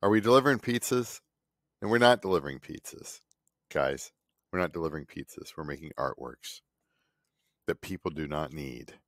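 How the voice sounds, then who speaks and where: Cranky guy in his fifties ranting about art, deep voice bouncing all over, dry room. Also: expressive, moderate pace, vocal fry, pauses often, fairly bright tone, dry recording. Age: 50s. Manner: cranky, sarcastic, mocking others in put-on voices. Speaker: artist vlogger. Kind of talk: casual rambling monologue. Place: home studio.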